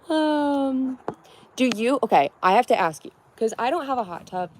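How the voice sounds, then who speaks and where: A woman's voice: sits high, darkish tone, a little hiss or hum. Giggly woman chatting on a livestream. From Connecticut, USA. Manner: chatty and giggly, answering chat comments. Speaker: livestream host. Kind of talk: casual livestream chat with viewers.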